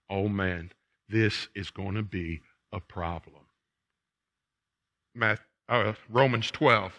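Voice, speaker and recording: Folksy preacher, slow and bright. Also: male voice, mid-range voice. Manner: folksy, swings from quiet to loud punchy asides. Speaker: pastor. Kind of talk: sermon. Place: church sanctuary.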